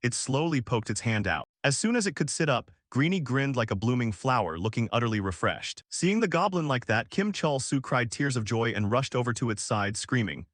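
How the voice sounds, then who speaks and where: Lively male story narrator. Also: medium pitch, a little fast, few pauses, dry recording, studio quality.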